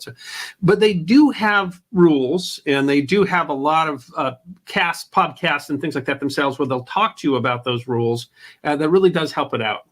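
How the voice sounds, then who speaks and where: A man's voice: fairly high pitch, a little fast, fairly bright tone. A man talking as a guest in an interview about running a history channel, rambling and restarting his phrases, often laughing. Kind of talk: casual interview talk.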